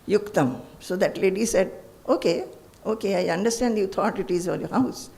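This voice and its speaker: Lady teacher telling a story, kinda high gravelly voice, acts out the voices, chants verses. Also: moderate pace. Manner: animated storyteller, acting out voices and laughing. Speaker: spiritual teacher.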